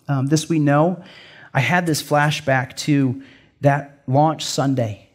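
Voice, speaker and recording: A middle-aged pastor with an Upper Midwest American accent delivers a sermon in an earnest, conversational way, peppering his points with "like" and "right?". His voice sits somewhat high for a man. He sounds sincere and direct, as if talking with his congregation. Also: a little mellow.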